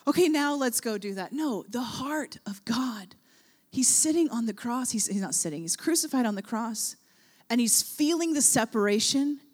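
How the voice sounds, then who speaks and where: High-voiced woman preaching earnestly. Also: lively intonation, fairly quick, darkish tone. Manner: earnest, emphatic, with frequent rhetorical "right?" asides. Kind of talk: sermon.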